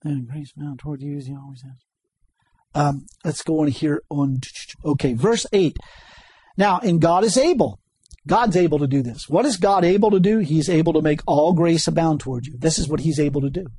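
Speaking at normal speed in a husky voice, a preacher delivers a lively sermon full of chuckles, repeated key words and sudden high-pitched exclamations.

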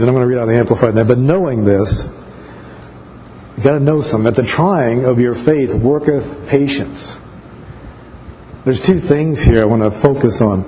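A man's voice: medium pitch, warm tone, a little hiss or hum. A man preaching a sermon with personal testimony, talking conversationally and rambling with many restarts. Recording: dull sound with long hall reverb.

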